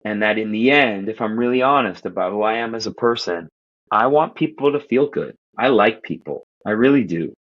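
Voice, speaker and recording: Podcast guest, a man from Queens, New York, telling lively casual stories in a slightly low voice, muffled sound. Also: fairly quick. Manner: animated, profane, acts out quoted voices. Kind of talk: casual storytelling chat.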